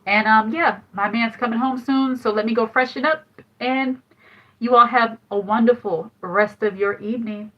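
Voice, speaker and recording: A woman's voice: fairly high pitch, moderate pace. A middle-aged woman hosting a casual advice livestream, telling a candid story in a chatty way and laughing often. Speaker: livestream host giving life advice. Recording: dull lo-fi livestream audio.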